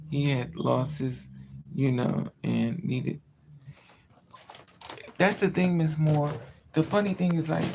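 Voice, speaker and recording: A woman chatting on a livestream, telling a story in an animated way with sudden outbursts. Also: deep voice, vocal fry, slight background noise. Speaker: livestream host. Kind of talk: casual storytelling.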